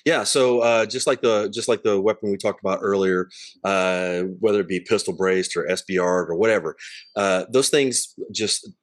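A man on a talk show, explaining in a measured way with some fillers. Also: fairly low pitch, no echo. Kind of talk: casual discussion.

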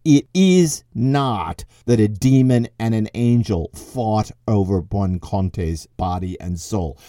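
A middle-aged man lectures in a lively, animated way, his pitch swinging widely as he makes his points. His voice is dark and mellow, with a wry, conversational touch. The sound is dry and close. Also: no echo. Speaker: podcast host and literature teacher.

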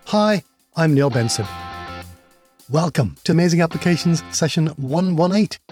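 A man's voice: a little high, a little mellow. A man hosting a podcast, reading an upbeat intro and then chatting in a friendly, jokey way with his guest. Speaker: podcast host. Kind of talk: podcast intro and interview chat.

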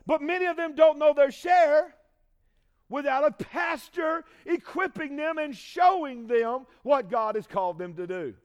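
A male pastor with a very high voice delivers a sermon full of call-and-response. He swings from shouted peaks to hushed, low asides, pressing the congregation for answers. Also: a little slow, muffled recording.

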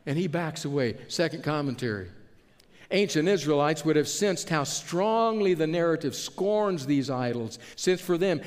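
Man, pastor, animated sermon, slightly high voice, long church reverb. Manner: animated, acts out the characters he describes.

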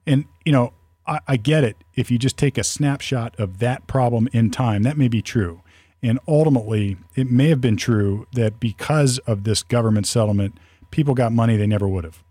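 A man's voice: medium pitch, moderate pace, warm tone, dry recording. A man chatting casually as a podcast co-host, rambling with many restarts and fillers. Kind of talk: casual conversational talk.

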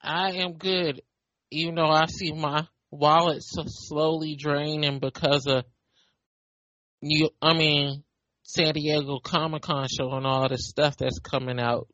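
A man co-hosting a podcast, relaxed and wry in casual chat. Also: a little high, unhurried, dry recording, muffled recording. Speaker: podcast co-host.

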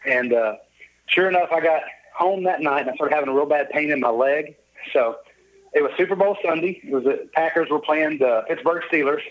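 On dull-sounding audio, a jovial podcast guest tells a story in a casual interview, his voice fairly high and a little fast. He stays upbeat throughout and performs the quoted dialogue himself.

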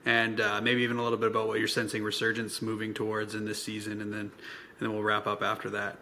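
A man's voice: lowish voice, monotone, fast talker, sharp tone, a little hiss or hum. A man hosting a faith podcast, giving short affirming responses and asking a reflective question. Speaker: podcast host.

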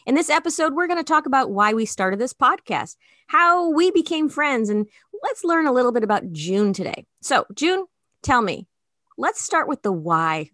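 A woman in her forties from the Chicago suburbs, hosting a podcast in an easygoing chat and quick to laugh. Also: high-pitched, big pitch swings, a bit bright, no room sound, studio quality. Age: 40s. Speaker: podcast host. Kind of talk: casual chat.

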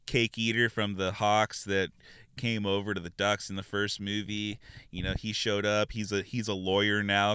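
Brief: low-voiced male podcaster, loose and chatty, dry room. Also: pushed and bright, clear, resonant tone, no echo. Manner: rambling, filler-heavy, informal. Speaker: podcast host. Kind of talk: casual recap and review.

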